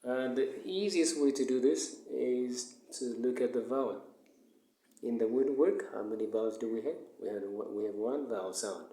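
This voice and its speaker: A male English teacher giving a recorded lesson, who explains slowly, repeats words and counts syllables aloud. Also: mid-range voice, dark tone. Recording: echoey room.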